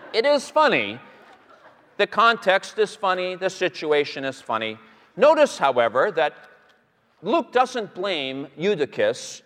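A man teaching on a Bible passage to a live audience, telling it as an animated story with many fillers and restarts. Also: a little high. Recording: long hall reverb.

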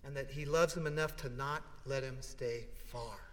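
A male pastor delivering a heartfelt sermon in a church, telling stories with dramatic pauses and hushed drops. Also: mid-range voice, big-room sound.

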